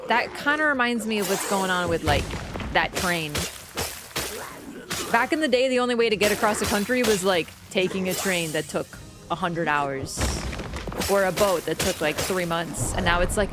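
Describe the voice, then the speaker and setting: A woman streaming a game, chatting casually with her viewers, teasing and jumping between excited bursts and low mutters. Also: moderate pace, music in the background. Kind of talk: casual gameplay commentary.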